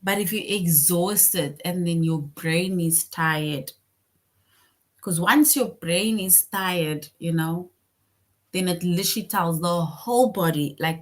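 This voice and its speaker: Slow, patient woman teaching a class. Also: on the low side. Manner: patient, explaining with questions and examples. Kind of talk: online class lesson.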